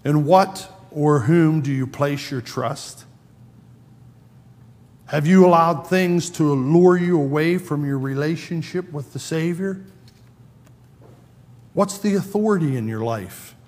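A man's voice: fairly high pitch, slow pace, pauses often, a little mellow, in a large hall. A man preaching a sermon in a conversational way, acting out quoted lines with a raised voice. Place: church sanctuary.

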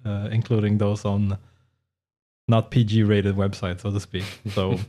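A man co-hosts a casual podcast, spinning long, rambling anecdotes. His voice sits a little low, and he breaks into laughter often. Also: little pitch movement, unhurried, warm tone. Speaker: podcast co-host. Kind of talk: casual chat.

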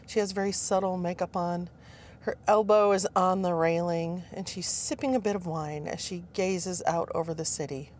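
A woman's voice: fairly low pitch, fairly even intonation, normal speed, darkish tone, a little hiss or hum. Playful fifty-something woman podcaster. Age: 50s. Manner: playful, chatty, self-mocking. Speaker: podcast host. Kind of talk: casual podcast storytelling.

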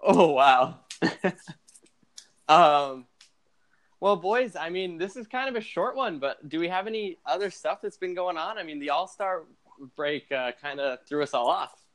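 A man's voice: on the high side, a little slow, long pauses, a bit bright. A young man hosting a casual hockey podcast, rambling and chatty, with lots of fillers and restarts. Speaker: podcast host.

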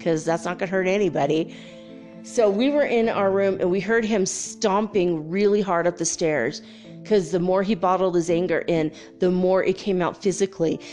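A woman tells a story casually and with lots of energy. She laughs often and acts out the sounds as she goes. Faint music plays softly in the background. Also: on the low side. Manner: loose and frank, with swearing and fillers. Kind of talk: casual anecdote turned life lesson.

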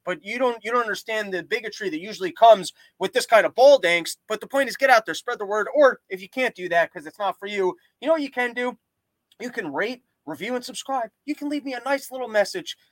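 A man's voice: sits high, no echo, poor audio. A young man hosting a podcast, doing a rambling, sarcastic comedic monologue full of tangents. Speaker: podcast host.

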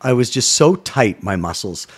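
Man, middle-aged, from Canada, former broadcaster, casual storytelling, animated, swears a lot. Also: mid-range voice, moderate pace, slightly rough. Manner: animated, swearing, acts out voices in his stories. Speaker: podcast guest, former sports broadcaster.

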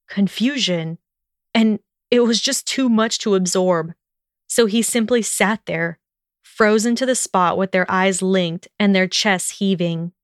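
A woman narrating a story in a steady, even storytelling manner. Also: mid-range voice, clear, resonant tone, no echo, clean studio sound. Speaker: audiobook narrator. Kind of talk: scripted narration of fan fiction.

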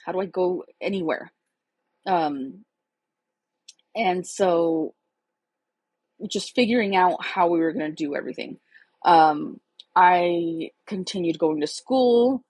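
A woman's voice: lowish voice, a little mellow, husky, no echo, low-quality recording. A woman in her thirties candidly telling her own life story in a casual, emotional, chatty way. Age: 30s.

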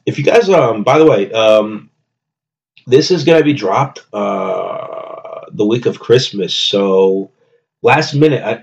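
A man's voice: on the low side, lo-fi sound. Rambling, profane man hosting a podcast. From New Jersey. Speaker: podcast host. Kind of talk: casual comedy monologue.

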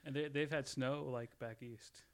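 A man's voice: medium pitch, steady tone, unhurried. A man in casual podcast chat, rambling through jokey theories with frequent laughs and restarts.

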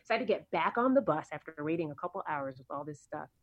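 A woman's voice: deep voice, expressive, quick pace, dry recording, dull audio. A woman guest on a podcast, telling stories from her career in a chatty, rambling way with many ums and likes. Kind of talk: casual interview storytelling.

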